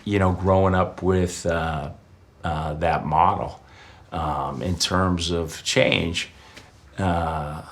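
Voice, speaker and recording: A man's voice: sits low, fairly bright tone. A middle-aged man answering interview questions in a reflective way, sharing personal anecdotes. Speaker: interview guest.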